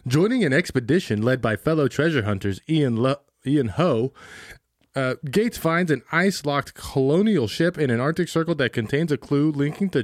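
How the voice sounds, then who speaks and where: A man's voice: on the high side, no echo. A man co-hosting a podcast, with a voice that swings up and down as he reads a film synopsis. He teases his friend and laughs easily. The recording is dry and close. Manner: teasing, laughs a lot. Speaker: podcast co-host. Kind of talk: casual chat and synopsis reading.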